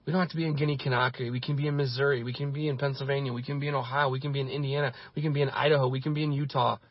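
Husky man preaching with repeated phrases. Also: medium pitch, flat delivery, racing, dry recording, dull audio. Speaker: pastor. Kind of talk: sermon.

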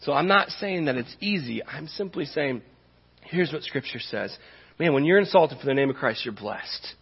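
Man, pastor, sermon, husky, long church reverb. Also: fairly high pitch, lively intonation, moderate pace. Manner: impassioned, rising to emphatic peaks, conversational asides. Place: church sanctuary. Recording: dull reverberant church hall.

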